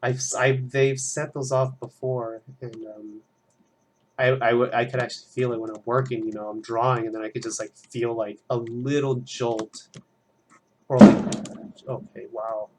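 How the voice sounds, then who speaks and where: Young male art student, loose rambling chatter at home, mid pitch, faint background noise. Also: level tone, normal speed, darkish tone. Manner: rambling, chatty, swears freely. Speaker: art student drawing on stream. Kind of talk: casual commentary while drawing.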